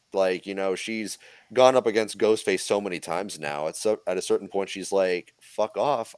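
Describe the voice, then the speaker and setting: A man's voice: deep voice, a little mellow, clean tone, no echo. A man making wry, joking asides in casual podcast chat.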